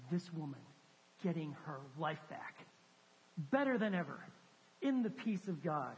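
A man preaching a sermon, rising to emphatic questions and dropping to soft, hushed storytelling. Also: a little high, big pitch swings, unhurried, pauses often, slight background noise. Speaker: pastor. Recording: long hall reverb.

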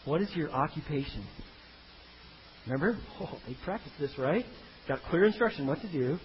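Male preacher, high and lively, playful storytelling delivery; muffled lo-fi sound. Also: normal speed, slight background noise. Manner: animated, comic, acts out biblical characters in funny voices. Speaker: pastor. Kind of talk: sermon.

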